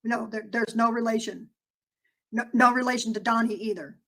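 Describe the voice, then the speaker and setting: A woman's voice: fairly high pitch, fairly even intonation, moderate pace, fairly bright tone, poor audio. A woman doing a polite Southern cop, Officer Lonnie Lawson. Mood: courteous. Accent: put-on Southern US. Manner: courteous, deferential, lots of "yes, ma'am". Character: polite male small-town Southern police officer. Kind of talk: comedic role-play.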